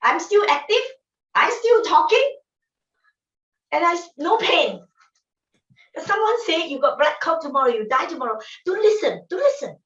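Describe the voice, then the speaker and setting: A woman's voice: extremely high pitch, very animated, normal speed, pauses often, a bit bright. A woman teaching flower arranging in a casual demonstration, talking emphatically and repeating her phrases in non-standard English. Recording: echoey room, distant mic, dull sound.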